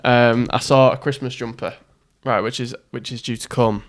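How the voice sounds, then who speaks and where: Man, co-host, relaxed casual chat, tells stories, chuckles along, from England. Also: mid-range voice, moderate pace. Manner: easygoing storyteller, laughs at his own stories. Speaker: podcast co-host.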